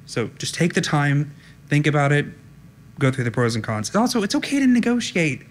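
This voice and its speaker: A man giving a conference talk in a flat, direct, informal way, often saying "um". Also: on the high side, normal speed, a little hiss or hum. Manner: direct, informal, frequent ums. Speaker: conference speaker. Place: conference room.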